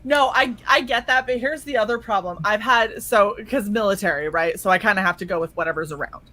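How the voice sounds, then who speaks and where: Young woman host, really bright voice, blunt animated storytelling, swears a lot. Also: medium pitch, fairly quick, no room sound. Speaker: stream co-host. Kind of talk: casual group chat.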